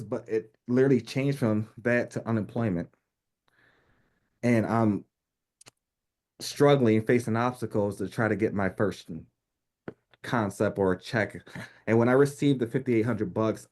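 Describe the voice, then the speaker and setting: A man's voice: lowish voice, normal speed. A man in his thirties from New York, telling a personal story in casual conversation, laughing often and acting out the voices of people he quotes. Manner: animated, laughs often, acts out quoted speech. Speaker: podcast guest.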